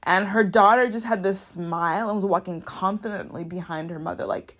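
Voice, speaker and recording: A young adult woman hosting a casual solo podcast. She talks in a chatty, animated way, full of fillers and self-corrections, and acts out her own reactions with big jumps in pitch. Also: moderate pace, hardly any pauses. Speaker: podcast host. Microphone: home podcast mic.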